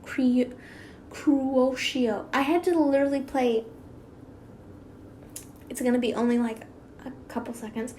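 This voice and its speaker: Chatty woman reader, rambles and trips over words, somewhat high voice, faint background noise. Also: normal speed, long pauses, dark tone. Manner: rambling, self-interrupting, giggly. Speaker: YouTube fan fiction reader. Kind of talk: casual read-aloud with chatty asides.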